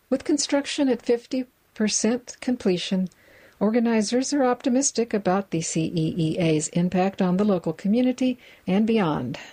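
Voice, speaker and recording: A woman reading a magazine aloud in a measured way, describing its photos with the odd aside. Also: on the low side, warm tone, breathy edge, rough recording. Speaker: reader of a magazine for listeners.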